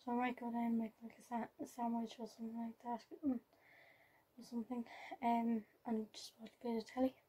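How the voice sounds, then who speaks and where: A woman's voice: on the high side, flat delivery, brisk, dark tone, breathy edge, poor audio. A young woman chatting casually in a home vlog, rambling with lots of ums and often dropping to a whisper. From Ireland. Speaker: vlogger. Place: home bedroom, indoors.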